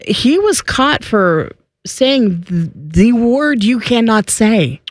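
Woman, radio co-host, casual banter, lively expressive voice, dry close sound. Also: fairly high pitch, dry recording. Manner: quick reactions, easy laughs.

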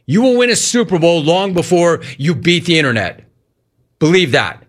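A man's voice: on the high side, big pitch swings, normal speed. A man hosting a sports talk radio show, talking in an emphatic monologue that hammers key lines home by repeating them. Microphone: studio broadcast mic.

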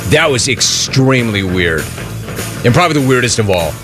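A middle-aged man hosting a sports talk show, answering listener questions in a casual, animated way that acts out remembered conversations. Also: medium pitch, moderate pace, music in the background.

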